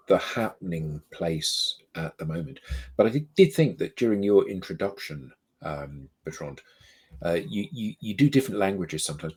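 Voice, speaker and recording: A man's voice: deep voice, darkish tone, breathy edge. A man co-hosting a business talk show, chatting in a playful, teasing way. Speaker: co-host. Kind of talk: casual banter.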